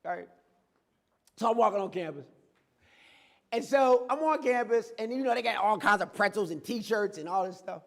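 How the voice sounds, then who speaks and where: Man, very high voice, motivational storytelling talk, conversational and lively, long hall reverb. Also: normal speed, creaky, long pauses. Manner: lively, conversational, acts out dialogue. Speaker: guest speaker. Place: campus event hall.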